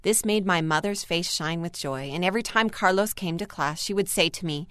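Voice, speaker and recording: A woman reading aloud an earnest first-person article as scripted narration, calm and steady. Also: on the low side, brisk, hardly any pauses, clean tone, dry recording. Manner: calm, earnest storytelling read.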